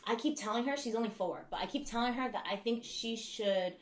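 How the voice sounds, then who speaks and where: Young mom vlogger rambling and oversharing, swears a lot, laughs a bunch, echoey room. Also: female voice, a little high, fairly quick. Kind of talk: casual chat to camera.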